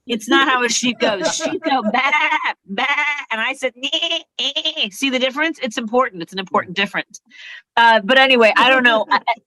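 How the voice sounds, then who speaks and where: A middle-aged woman performing an animated, self-deprecating stand-up set over a video call. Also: a little high, quick pace. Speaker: stand-up comedian.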